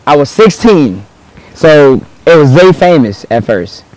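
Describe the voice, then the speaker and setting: A teenage man from the United States chats as a guest and tells animated stories. His voice sits a little high for a man, and he slips into quoted voices and laughs as he goes. It sounds like a casual podcast studio. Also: a little slow, dry recording, rough recording. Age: teens. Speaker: guest artist. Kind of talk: casual storytelling.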